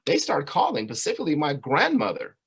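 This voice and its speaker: A man's voice: fairly high pitch, huge pitch swings, a little fast, breathy edge. A man giving a personal storytelling talk to a community audience, earnest and conversational, often checking in with "right?" and "you know". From California. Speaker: community speaker.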